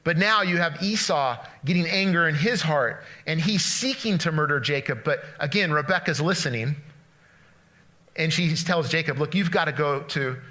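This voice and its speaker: A man preaching a casual, story-driven sermon in a bright, forceful voice pitched a little high. He talks in quick bursts and often restarts his phrases as he acts out the story. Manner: animated storytelling with frequent restarts. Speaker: pastor. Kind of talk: conversational sermon, retelling a story.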